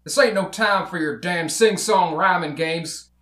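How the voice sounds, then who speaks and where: A man playing a gruff drawling rancher. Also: high voice, a little slow, a bit bright, roomy sound. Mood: scolding. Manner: rough drawling scolding. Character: gruff bossy male rancher, impatient and cussing. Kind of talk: comedy table read.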